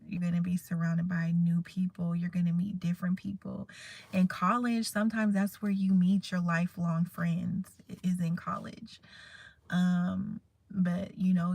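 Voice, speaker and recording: A woman's voice: lowish voice, creaky, no echo. A woman in her thirties, vlogging in a candid, emotional, rambling way and chatting casually to her viewers. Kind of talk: casual heartfelt chat to camera.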